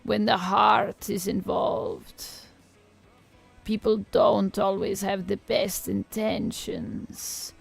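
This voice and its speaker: A woman voicing a crackly old Eastern European witch, reading tarot slowly and solemnly. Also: mid-range voice, flat delivery, soft background music, full character voice. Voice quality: crackly, gravelly. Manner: slow, solemn fortune-telling.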